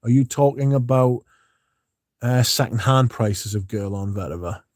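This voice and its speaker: A man's voice: mid-range voice, normal speed, dry recording, clean studio sound. A man hosting a fragrance livestream, chatting casually and rambling between comments. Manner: relaxed, rambling, chatty with fillers.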